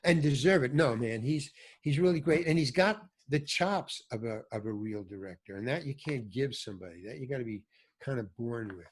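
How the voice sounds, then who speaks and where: A man's voice: mid-range voice, animated, a little fast, breathy edge. An older man, an actor and director, telling loose, rambling stories as a podcast guest and often losing his thread. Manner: rambling, self-interrupting, loses his thread. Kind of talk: casual storytelling interview.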